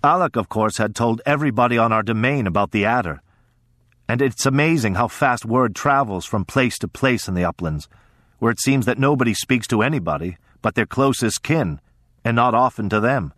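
A man reading a first-person story aloud in a measured, steady way, as an audiobook narrator. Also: mid-range voice, no room sound.

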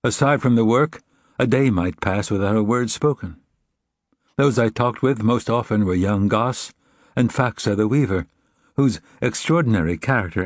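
Low, husky male audiobook narrator. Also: no echo, studio quality. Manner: measured, reflective, evenly paced reading. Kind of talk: scripted narration.

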